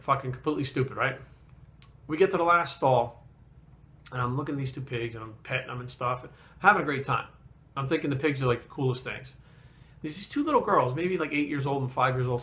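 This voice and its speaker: A man, a fitness trainer, telling a story in a casual vlog, blunt and animated and swearing constantly. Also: mid-range voice, fast.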